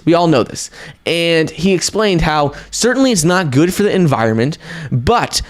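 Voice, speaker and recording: A man hosting a casual crypto news video in a fairly high, upbeat voice. He talks energetically in quick runs, with fillers and self-corrections along the way. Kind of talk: casual news commentary to camera.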